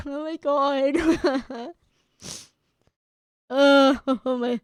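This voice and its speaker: A woman's voice: high voice, extremely slow, no echo, clean studio sound. A woman streamer chatting on a livestream, choked up and tearful, giggling between her phrases. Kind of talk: casual livestream chat.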